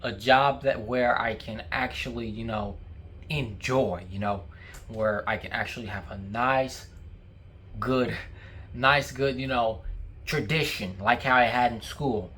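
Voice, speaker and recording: A man's voice: mid-range voice, a little slow, bright, forceful tone, a little hiss or hum. A young man vlogging casually to camera, talking while he eats, rambling with many fillers and restarts.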